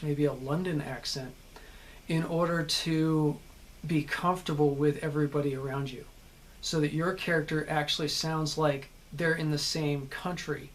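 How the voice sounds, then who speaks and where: American man giving a casual acting lesson. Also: fairly high pitch. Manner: conversational, explanatory, checks in with "okay?". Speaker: actor teaching character work.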